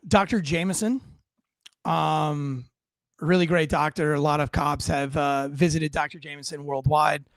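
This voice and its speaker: A man's voice: on the high side, fairly even intonation, unhurried, fairly bright tone, dry recording. Man, police officer, host, casual interview, blunt, profane, dry sound. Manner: explains with analogies, asks leading questions.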